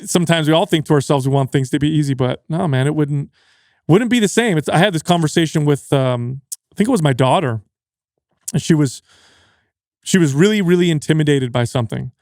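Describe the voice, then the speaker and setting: A man chatting on a podcast and telling a story in a lively way, with casual swearing. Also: fairly high pitch, fairly quick, no echo, studio quality. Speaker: podcast guest, fitness co-host.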